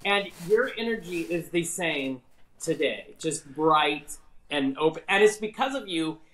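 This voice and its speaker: A man hosting a podcast interview, talking in an effusive, quick way with frequent laughter. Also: on the high side, animated, fairly bright tone, reverberant, low-quality recording. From US Northwest. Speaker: podcast host. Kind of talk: casual interview chat.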